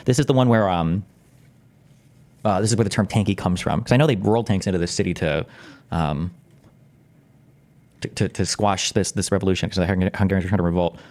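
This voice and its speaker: Fast-talking sarcastic male streamer. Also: fairly low pitch, animated, a little mellow. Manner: profane, sarcastic, rapid asides. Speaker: streamer reacting to a video. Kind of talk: casual live-stream commentary.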